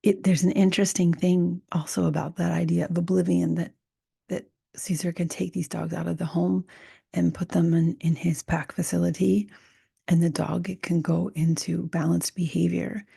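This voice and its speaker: A woman hosting a reflective solo podcast, speaking softly and often in a half whisper, musing aloud with frequent restarts. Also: fairly low pitch, little pitch movement, normal speed, creaky, slightly rough, no echo, studio quality. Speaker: podcast host.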